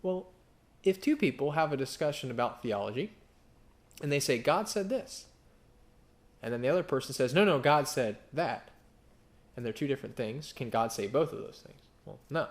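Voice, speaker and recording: A man's voice: medium pitch, lively intonation, brisk. A man in his thirties preaching a sermon as pastor, talking conversationally, asking his listeners rhetorical questions, often restarting his sentences.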